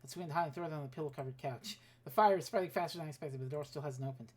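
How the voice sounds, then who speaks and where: A woman's voice: sits low, racing, breathy edge. A woman streamer reading a text adventure game aloud, with offhand asides and swearing.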